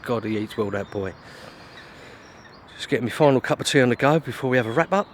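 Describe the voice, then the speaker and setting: A man's voice: mid-range voice, lively intonation, fast talker, slight background noise. Chatty man vlogging by a lake. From Britain. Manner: chatty, self-mocking, grumbling asides. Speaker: fishing vlogger. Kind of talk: casual vlog to camera. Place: outdoors at a lake in wind and rain.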